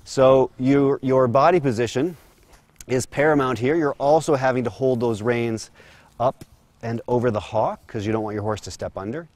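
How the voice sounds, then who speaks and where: Man, horse trainer, calm steady coaching, instructional demo, outdoor corral. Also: mid-range voice, normal speed, dry recording. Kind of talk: instructional demonstration.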